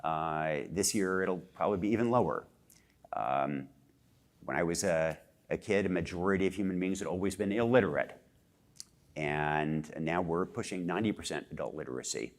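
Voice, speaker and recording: A man, a journalist on a discussion panel, speaking haltingly with many filler sounds as he builds up his argument. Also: deep voice.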